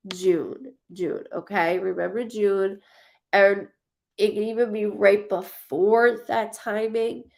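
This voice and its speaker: A woman's voice: mid-range voice, steady tone, takes it slowly, creaky, a little mellow. A woman hosting a psychic live stream, chatting casually and effusively with viewers as she reads their comments. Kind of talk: casual livestream chat reading comments.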